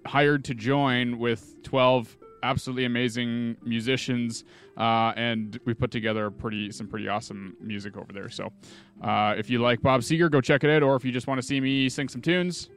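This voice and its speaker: A man's voice: mid-range voice, steady tone, normal speed, fairly bright tone, soft background music. A man who sings in a band, upbeat as he plugs his shows. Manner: upbeat, plugging projects. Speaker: co-host and singer. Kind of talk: casual stream announcements.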